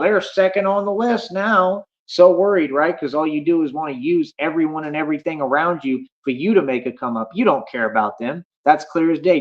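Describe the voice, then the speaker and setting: A man livestreaming, ranting at his chat in a boastful, confrontational, slangy way. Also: on the high side. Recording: dull lo-fi stream audio.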